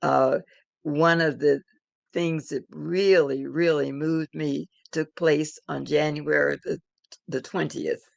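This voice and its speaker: Gravelly-voiced elder woman telling a story. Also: deep voice, little pitch movement, dry recording. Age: older. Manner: measured, reflective storytelling. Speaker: interviewed elder. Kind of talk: storytelling interview.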